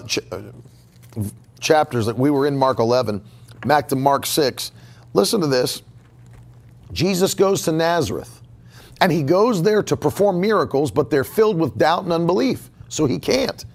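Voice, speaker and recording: A man's voice: on the high side, animated, moderate pace, creaky. A man preaching a sermon as pastor, emphatic and repeating his key phrases. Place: church sanctuary.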